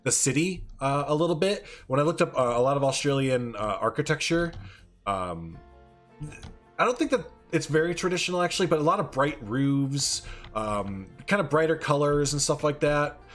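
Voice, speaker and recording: A man's voice: a little high, animated, normal speed, faint music behind. A man casually streaming a zoo-building game, chatting loosely and answering viewer chat as he goes. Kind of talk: casual live-stream commentary.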